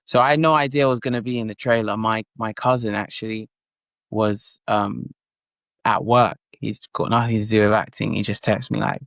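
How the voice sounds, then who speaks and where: A young actor talking in a relaxed interview, his voice gravelly and his delivery full of ums and restarts. He livens up whenever he retells a story. The sound is close and dry. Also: mid-range voice, brisk, dry recording. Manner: hesitant, many fillers, animated retelling. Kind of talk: casual interview chat.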